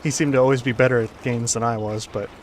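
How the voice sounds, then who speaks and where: A man's voice: medium pitch, steady tone, quick pace, a little hiss or hum. Rambling man doing game commentary. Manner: rambling, many fillers. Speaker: gaming video host. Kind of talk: casual gameplay commentary.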